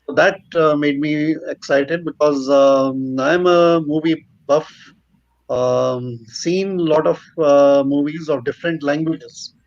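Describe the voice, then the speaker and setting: A man's voice: fairly high pitch, steady tone, slow pace, a little mellow, no room sound, muffled recording. A man from India with an Indian English accent, a panel guest speaking politely and hesitantly over a video call. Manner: polite, hesitant, many fillers. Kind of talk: casual panel chat.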